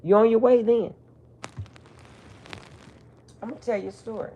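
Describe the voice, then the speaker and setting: A woman's voice: on the high side, fairly even intonation, moderate pace, dull audio, a little hiss or hum. Blunt, profane middle-aged woman. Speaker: spiritual reader. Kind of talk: casual storytelling monologue.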